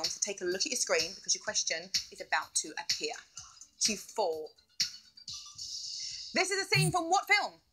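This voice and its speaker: A woman hosts a live quiz show in a bubbly, playful way. Her voice is high and bright, and it swoops up and down all the time. Faint music plays behind her. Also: low-quality recording.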